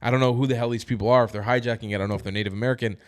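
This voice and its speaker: A man's voice: mid-range voice, fairly even intonation, racing, smooth. A man giving heated, emphatic news commentary straight to his viewers, tired and yawning. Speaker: commentary vlogger.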